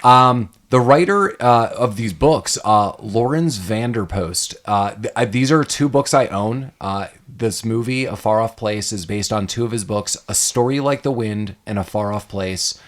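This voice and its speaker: A man's voice: lowish voice, measured pace, hardly any pauses, fairly bright tone. A young man chatting casually about a film on a podcast, rambling with many fillers and restarts. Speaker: podcast host. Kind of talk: casual movie chat.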